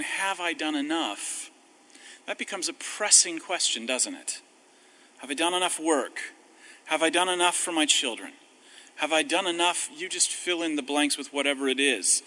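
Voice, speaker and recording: Bright-voiced male preacher, chatty and wry. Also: fairly high pitch, low-quality recording. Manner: conversational, self-deprecating humor, slows on scripture. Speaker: pastor. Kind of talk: sermon.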